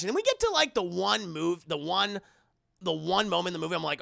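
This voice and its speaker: A man streaming a casual, rambling film recap to his chat, animated and swearing a lot, close to the mic. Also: high voice, fairly quick, vocal fry, no room sound.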